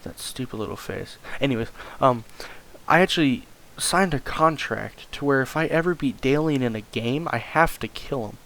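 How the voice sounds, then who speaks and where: A man's voice: mid-range voice, expressive, moderate pace, a bit bright. A man telling a rambling comedic story, stammering and repeating words and swearing often.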